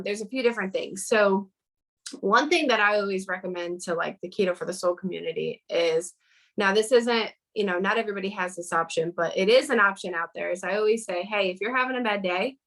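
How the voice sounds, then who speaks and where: A woman's voice: medium pitch, fairly bright tone, low-quality recording. A woman speaking as a guest in a casual interview over a video call, earnest and chatty with lots of fillers.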